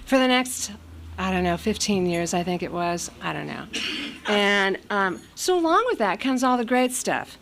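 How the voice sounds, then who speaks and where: A woman's voice: medium pitch, sing-song, normal speed, vocal fry, a bit bright, slight background noise. A middle-aged woman from California giving a candid recovery share at a meeting, blunt, profane and self-mocking, with a lot of fillers.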